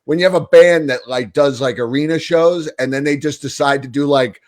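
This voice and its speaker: A hoarse man with a New York accent co-hosting a casual fan podcast, telling stories in an animated way. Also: fairly high pitch, a little fast. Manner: animated storyteller, hoarse from yelling. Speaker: podcast co-host. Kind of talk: casual hockey fan chat.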